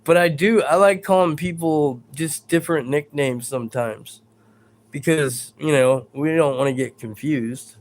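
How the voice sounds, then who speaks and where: A man's voice: fairly high pitch, a little slow, a little hiss or hum. A man hosting a live stream in a casual, rambling chat, reading out viewer comments and stumbling over his words in a self-deprecating way.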